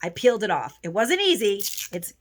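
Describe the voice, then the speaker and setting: A woman's voice: medium pitch, very animated, fairly quick, a little hiss or hum. A woman beauty vlogger chatting casually at home through a haul, gushing about lipsticks and often restarting her sentences. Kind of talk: casual haul video chat.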